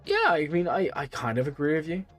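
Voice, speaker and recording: Soft music plays behind a man who is livestreaming and reviewing game accounts, his speech a little fast. Though a bit tired and yawning, he rambles on with chatty, lively-pitched game advice for viewers, looping back to repeated phrases.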